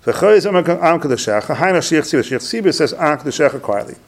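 A man's voice: on the high side, sing-song, fast talker, gravelly. A man teaching a religious text lesson, reading Hebrew phrases and then translating and explaining them in English, repeating points for emphasis. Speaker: Torah teacher. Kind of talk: Talmudic-style text study lesson.

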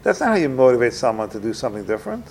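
A man with a gravelly, creaky voice gives a conversational religious talk. He acts out short exchanges between people and circles back over his points. A faint hiss sits under the recording. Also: big pitch swings, racing, a little mellow. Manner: conversational, plays out dialogues with rising pitch, repeats himself. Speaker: rabbi giving a talk. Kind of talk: informal Torah talk.

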